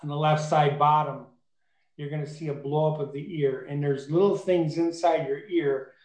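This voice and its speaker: High-voiced emphatic male preacher, echoey room. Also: steady tone, moderate pace, darkish tone. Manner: emphatic, rising to high fervent peaks. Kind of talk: sermon.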